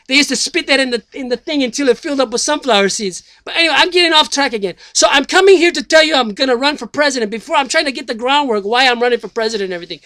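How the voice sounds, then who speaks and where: A man voices a slacker who announces he is running for president, and his pitch is extremely high, bright, and forceful, clear and resonant with no echo. The loose, comic monologue rambles, swears, leans on fillers, and drifts off its point.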